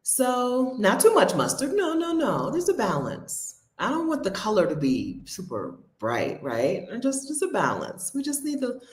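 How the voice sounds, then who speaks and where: A woman's voice: on the high side, wildly swooping pitch, measured pace, hardly any pauses, roomy sound. A woman, chatting casually and laughing with her viewers during a livestream from her home. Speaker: host. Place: home near her refrigerator.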